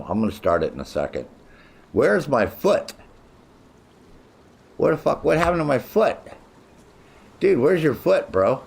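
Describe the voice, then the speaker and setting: Dude streaming a game, cussing nonstop and cracking up, voice bouncing all over. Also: male voice, rumbling low, a little hiss or hum. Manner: profane, joking, laughs often while chatting with viewers. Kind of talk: casual livestream chat.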